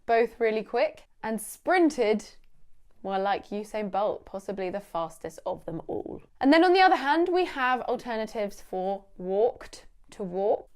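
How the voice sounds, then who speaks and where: A young British woman teaching English vocabulary in a casual, playful way, laughing often. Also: on the high side.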